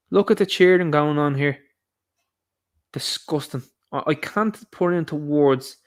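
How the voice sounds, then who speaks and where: An Irish man giving indignant, sarcastic commentary on news headlines, addressing his viewers as lads. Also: on the high side. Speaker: vlogger, commentator.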